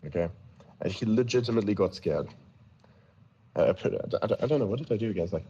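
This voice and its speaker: A man's voice: low voice, big pitch swings, fast, pauses often, warm tone, slightly rough, muffled recording. A man casually telling prank-call stories in a rambling, stammering way. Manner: rambling, stammering restarts, chuckling. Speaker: storyteller in a voice chat. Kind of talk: casual storytelling.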